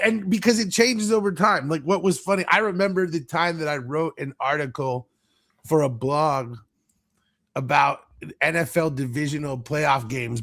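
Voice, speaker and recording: A man's voice: fairly high pitch, a bit bright. An American man hosting a sports podcast, talking bluntly and swearing through a casual rant. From United States. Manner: blunt, profane rants. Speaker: podcast host.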